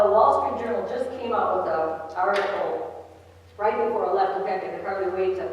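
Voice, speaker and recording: A woman's voice: medium pitch, slight background noise. Older woman giving a chatty talk in an echoey church hall. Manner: chatty, storytelling, laughing at her own jokes. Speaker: retreat speaker. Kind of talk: retreat talk. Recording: echoey hall, far from mic, dull.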